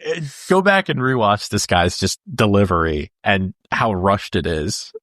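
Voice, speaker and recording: A man's voice: lowish voice, very animated, a little slow, fairly bright tone, dry recording, clean studio sound. A man co-hosting a podcast, talking casually about a film, laughing often and jumping into quoted lines. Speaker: podcast co-host.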